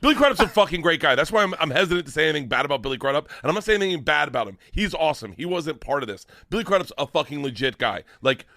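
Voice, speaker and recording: A man in his forties telling stories on a podcast, animated and profane, laughing as he talks. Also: a little high, very fast, creaky, hardly any pauses, dry recording. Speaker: guest storyteller. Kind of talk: casual podcast storytelling.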